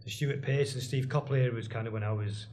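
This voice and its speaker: A man's voice: medium pitch, fairly even intonation, fast talker, a little mellow, a little hiss or hum. A man, a guest telling rambling stories full of restarts and asides in casual chat. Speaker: guest, former band drummer.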